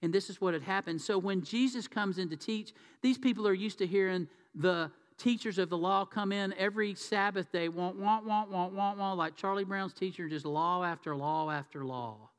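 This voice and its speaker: A man's voice: high voice, moderate pace, few pauses. A male pastor preaching a sermon in a conversational way, asking his congregation rhetorical questions. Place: church sanctuary. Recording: long hall reverb.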